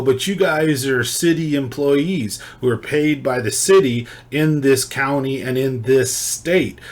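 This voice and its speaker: A man tells a story from his own life, casual and rambling. He drifts through slang and swears freely. His voice sits at an ordinary middle pitch. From California. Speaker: vlogger telling a personal story.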